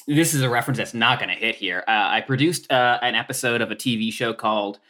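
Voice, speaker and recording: A Canadian man who is a comedian talks in a casual, rambling way, with lots of "um" and "like". His voice sounds bright and clear at an ordinary pitch. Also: quick pace. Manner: rambling, filler-heavy, self-deprecating. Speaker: comedian guest. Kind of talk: casual podcast chat.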